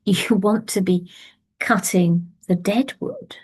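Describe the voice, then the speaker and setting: A woman's voice: mid-range voice, slow, darkish tone, slightly rough. A woman voicing a weary wounded male warrior who speaks earnestly and pleads in a storytold tale. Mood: insistent.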